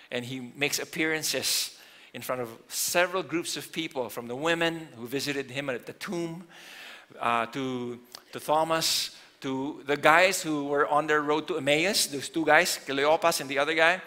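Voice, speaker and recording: Male pastor, sermon delivery, slightly high and tense-bright tone, earnest. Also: a little slow. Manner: earnest preaching, swings between loud emphasis and quiet.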